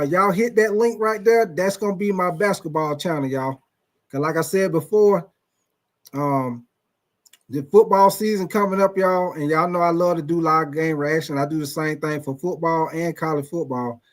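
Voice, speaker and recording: A man hosts a casual sports live stream, his voice sitting a bit high for a man. He rambles through profane stories and calls out his viewers by name as he goes. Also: unhurried. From Atlanta, USA. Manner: profane, loose storytelling, addresses viewers by name. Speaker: sports livestream host.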